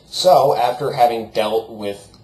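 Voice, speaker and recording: A young man vlogs from his room at the computer, rambling casually and jokingly off the cuff. His medium-pitched voice is slow and a little mellow, and the recording has a roomy echo with faint background noise.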